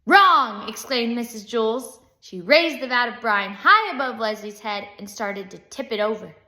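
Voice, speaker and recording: A woman narrating a children's book in a bright, lively voice, taking her time over each line. Her pitch rides high and moves a lot, and the reading sounds echoey, as if in a bare room. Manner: expressive, unhurried storytelling. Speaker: audiobook reader.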